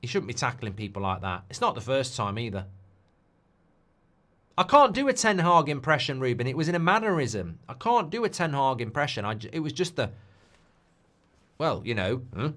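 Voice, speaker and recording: A man's voice: medium pitch, sing-song, moderate pace, long pauses, a bit bright. A man hosting a live football watchalong stream, chatting off the cuff and answering viewer requests. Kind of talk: live-stream casual chat.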